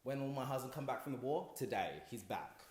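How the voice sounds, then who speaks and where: A young man who has been drinking tells an ancient tragedy in casual slang. He rambles, restarts and throws loud asides at the people with him, at an average pitch. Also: lively intonation, fairly quick, roomy sound, a little hiss or hum. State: drunk. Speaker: comic storyteller. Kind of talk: casual comic retelling of a play.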